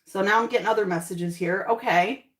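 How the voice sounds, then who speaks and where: A woman's voice: medium pitch, a little fast. A woman giving a casual tarot reading to camera, chatty and reassuring, often repeating her phrases. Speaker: tarot reader. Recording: echoey room.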